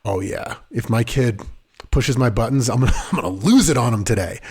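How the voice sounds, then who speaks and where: A man in his thirties co-hosting a podcast, telling stories in an animated casual chat. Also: medium pitch, brisk, breathy edge. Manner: animated storyteller, acts out scenes. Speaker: podcast co-host.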